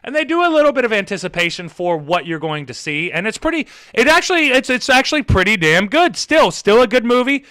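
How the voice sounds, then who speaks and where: A man recapping a movie on a casual live stream, excitable and profane, often laughing as he retells scenes. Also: high-pitched, fairly quick, few pauses.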